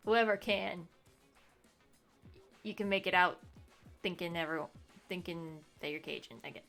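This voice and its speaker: A woman's voice: lowish voice, normal speed, long pauses, fairly bright tone, soft background music. A woman streamer giving casual, giggly, self-mocking commentary while playing a game. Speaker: gaming streamer.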